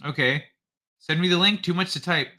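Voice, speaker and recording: Bright-voiced man chatting on a livestream. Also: on the high side, a little fast. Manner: loose and profane, reads chat aloud and laughs often. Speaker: livestream host. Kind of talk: casual livestream chat.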